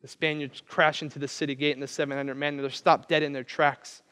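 A male pastor preaching a sermon, telling a story with animated energy and briefly acting out the people he quotes. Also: on the high side, a little fast, smooth, long reverb tail. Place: church.

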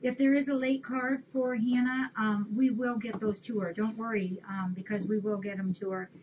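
Reading holiday cards aloud on a shelter webcam stream, a woman casually thanks the viewers who mailed them. Her voice is on the high side with fairly even intonation and a normal speed, over dull lo-fi audio with slight background noise.

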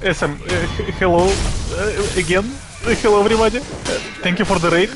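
A man with a Russian accent chatting casually and haltingly with viewers while streaming a game. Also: sits high, over music. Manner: chatty, halting, reads chat aloud and laughs often. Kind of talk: live game stream chat.

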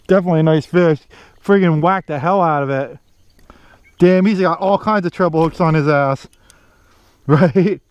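A man filming himself bass fishing from a boat outdoors, cheering on every catch with casual commentary. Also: normal speed, long pauses, clear, resonant tone, highs cut off. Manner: excited, cheers on fish with stock phrases. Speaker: fishing vlogger.

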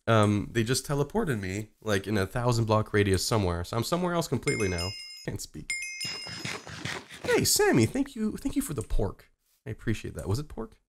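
Excitable, swearing young man streaming games. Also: on the low side, brisk, background noise. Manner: excitable, swears a lot, yelps and laughs at surprises. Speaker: game streamer. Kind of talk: live gameplay commentary.

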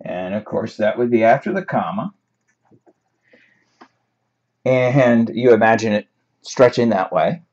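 A man's voice: on the low side, animated, normal speed, a little mellow. A man teaching a writing class in a chatty, wry way, laughing now and then at his examples. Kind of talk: classroom lecture on paraphrasing. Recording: dull lo-fi recording.

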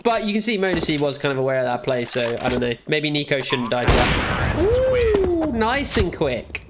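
Hiccuping as he goes, this esports analyst commentates over gameplay footage from a match recording in a casual, blunt, joking way full of fillers. He speaks at normal speed in a fairly high voice whose pitch swoops wildly, and there is heavy noise.

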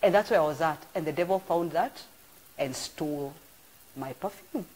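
Husky, low-pitched woman pastor; expressive, storytelling sermon delivery. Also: moderate pace. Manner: animated storyteller with exclamations. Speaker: church apostle. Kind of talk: informal live-streamed sermon.

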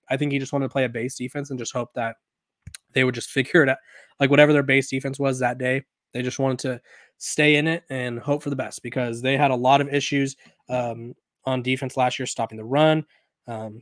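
A man's voice: medium pitch, no echo, clean studio sound. Casual man hosting a sports podcast. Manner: conversational, with restarts and self-corrections. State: has the hiccups. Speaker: podcast host.

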